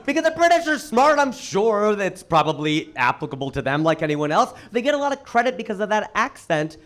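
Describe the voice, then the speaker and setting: A man performing stand-up comedy. His voice sits high and swings widely in pitch. He delivers his punchlines with animated, incredulous emphasis. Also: a little fast. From United States.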